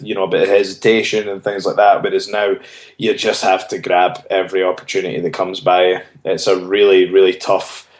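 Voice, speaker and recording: A man, a wrestler being interviewed, telling his story earnestly and often restarting his phrases. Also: deep voice. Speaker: wrestler guest. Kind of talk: casual interview chat. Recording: roomy echo.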